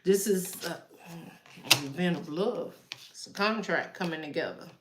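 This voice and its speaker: A woman's voice: lowish voice, moderate pace, reverberant, heavy background noise. A woman giving a live tarot reading, chatting to her viewers in a loose, joking way and often breaking into laughter. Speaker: tarot reader.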